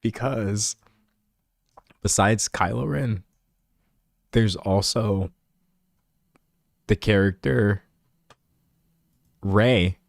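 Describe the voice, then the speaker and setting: A man's voice: fairly low pitch, extremely slow, creaky, pauses often, no room sound, clean studio sound. A young man chatting casually on a live stream, giggling and rambling as he talks to his chat.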